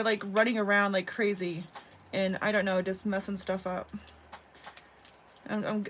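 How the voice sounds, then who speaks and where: A woman's voice: mid-range voice, a bit bright. A woman hosting a casual live craft tutorial from home, chatting and rambling with lots of "you know" and "like". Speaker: craft channel host. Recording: slightly dull audio with faint background hum.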